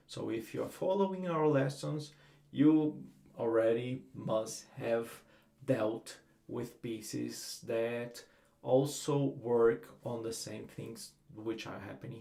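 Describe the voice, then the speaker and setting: A man with a Brazilian accent, giving a relaxed guitar lesson and explaining technique with frequent fillers. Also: mid-range voice, creaky. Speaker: guitar teacher. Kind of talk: instructional lesson.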